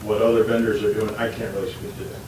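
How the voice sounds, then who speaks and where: Low-voiced man answering from afar. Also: little pitch movement. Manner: measured, hedging answers. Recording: echoey hall, far mic, noise.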